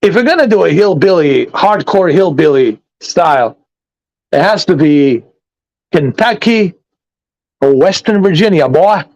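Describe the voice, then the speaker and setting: High-voiced man in joking podcast chat. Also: animated, a little slow, darkish tone. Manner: joking, laughing, boastful banter. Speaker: podcast host. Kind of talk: casual chat.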